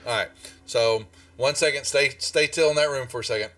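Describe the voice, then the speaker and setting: A man narrating as game master in a tabletop game, speaking in a halting way with many restarts. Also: medium pitch, bright, forceful tone, dry recording, recorded from a distance.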